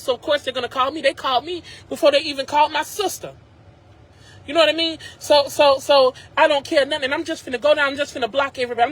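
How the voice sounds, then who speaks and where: A man's voice: extremely high pitch, fairly bright tone, poor audio. Upset man ranting at viewers from his car. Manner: emphatic, repetitive, addresses viewers directly. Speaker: vlogger. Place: in a car at a drive-thru.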